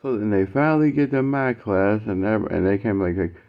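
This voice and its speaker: A man casually telling a personal story in animated, slangy speech, acting out the dialogue. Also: fairly low pitch, fairly quick. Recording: tinny phone-like audio.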